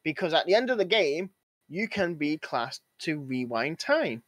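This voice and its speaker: Podcast co-host, male, slightly high, acts out the characters in his stories. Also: normal speed, no echo. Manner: animated storytelling, acts out characters. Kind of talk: casual gaming podcast chat.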